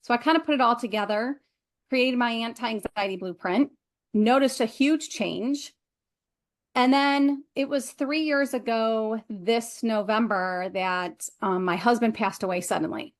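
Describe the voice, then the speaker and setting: A middle-aged woman, a clinical therapist, answering interview questions in a measured, reflective way with frequent pauses and ums. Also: on the high side. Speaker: guest, clinical therapist and coach. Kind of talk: interview answer, personal story.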